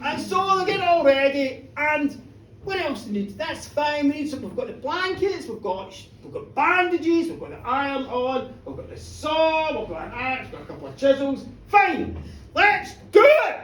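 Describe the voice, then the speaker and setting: A storyteller spinning a gory comic tale to a live pub audience, animated and teasing. The voice is fairly high. It is picked up from a distance in a reverberant room, with faint background noise. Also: moderate pace.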